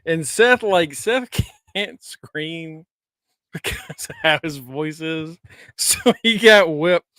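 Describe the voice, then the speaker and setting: A man's voice: a little high, expressive, slow, sharp tone, no echo, studio quality. A man hosting a casual podcast, bantering and laughing with co-hosts. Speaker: podcast host.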